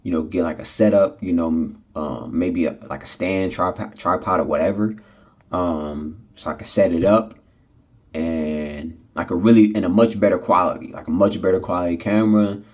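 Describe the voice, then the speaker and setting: A man's voice: deep voice, moderate pace, darkish tone. A man talking casually into his phone in his apartment, chuckling often and rambling with plenty of fillers and restarts. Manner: laughing often, frustrated, many fillers and restarts. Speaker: vlogger.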